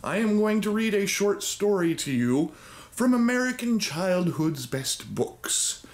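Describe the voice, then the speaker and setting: A man's voice: sits high, very animated, measured pace. A man hosting a video and reading an old children's story aloud with wry, theatrical asides. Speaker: YouTube host. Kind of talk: joking story-time reading.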